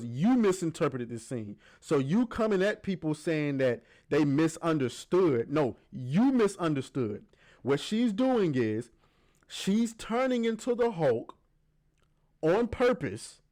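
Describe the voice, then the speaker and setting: A man's voice: fairly high pitch, very animated, measured pace, darkish tone. A man giving heated, argumentative reaction commentary on a video clip, emphatic and swearing often.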